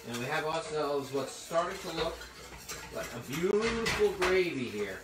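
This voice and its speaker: A man's voice: on the high side, expressive, a little slow, very noisy. A man giving a live cooking demonstration in a kitchen, talking the audience through each step as he cooks. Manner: chatty, explains steps as he cooks. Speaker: cooking instructor. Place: hot kitchen. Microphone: phone streaming to a remote audience. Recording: echoey room, voice from a distance.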